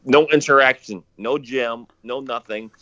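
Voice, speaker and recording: A man's voice: medium pitch, unhurried, bright, forceful tone, dry recording, lo-fi sound. A man hosting a casual livestream chat, cursing a lot and repeating himself as he rambles. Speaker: podcast host.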